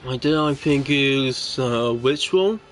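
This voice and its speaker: This young streamer talks slowly at a medium pitch, rambling casually over a card game while faint music plays. Every so often he breaks off to scold his cats.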